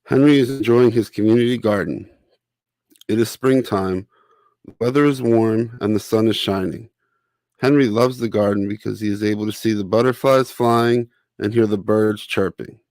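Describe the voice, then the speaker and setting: A man reads a children's picture book aloud in a steady, clear way. His voice is fairly low, and the recording is close and dry, with no room sound. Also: normal speed, no echo. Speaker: author and narrator.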